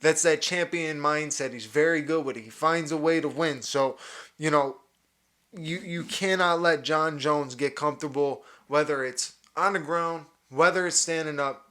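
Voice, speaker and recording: A young man hosts his podcast alone, talking through fight predictions with eager energy. His voice sits a little high for a man, and he stumbles into repeats and restarts as his thoughts run ahead. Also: a bit bright. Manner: enthusiastic, repeats words and restarts often. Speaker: podcast host. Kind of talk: solo fight breakdown.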